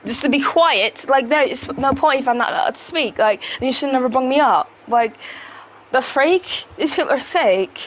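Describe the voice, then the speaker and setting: A woman's voice: sits high, lively intonation, moderate pace. A woman chatting casually on a livestream, blunt and profane, rambling with fillers.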